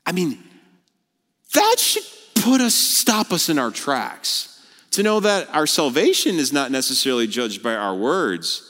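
A man preaching a sermon as a pastor, animated and blunt, mixing scripture with casual slang. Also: on the high side, measured pace, long pauses, big-room sound.

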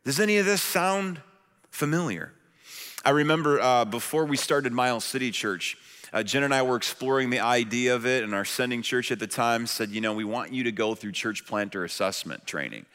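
A male pastor delivering a sermon with animated storytelling. His voice climbs high and loud when he voices questions, and the long reverb of a church hall trails behind him. His pitch sits in an ordinary middle range. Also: moderate pace.

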